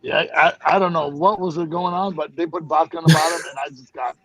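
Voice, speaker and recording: A man chatting casually in a group, relaxed and easygoing. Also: on the high side, quick pace, a loud crowd, poor audio.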